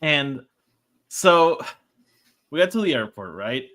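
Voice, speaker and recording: This man talks with a bright, pointed tone that sits somewhat high for a man. He is co-hosting a podcast and tells a story in a loose, chatty way, slipping into the voices of the people in it. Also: slow. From Puerto Rico. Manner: animated, acts out quoted dialogue. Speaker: podcast co-host. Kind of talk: casual storytelling chat.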